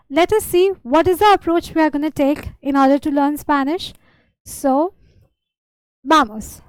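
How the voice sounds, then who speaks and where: A woman's voice: sits high, dry recording, poor audio. A woman patiently teaching a beginner lesson, repeating words and giving simple examples. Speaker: language teacher.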